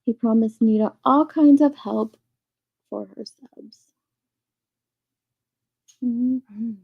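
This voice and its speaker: A woman's voice: fairly high pitch, slow pace, vocal fry, slightly rough, narrow, tinny audio. A woman hosting a casual livestream, chatting and reading viewer comments aloud. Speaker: livestream host reading chat.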